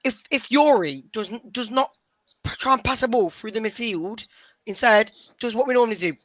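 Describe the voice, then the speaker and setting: A man's voice: very high voice, normal speed, fairly bright tone, no room sound, low-quality recording. A man talking football casually on a fan show, hesitant and restarting his sentences.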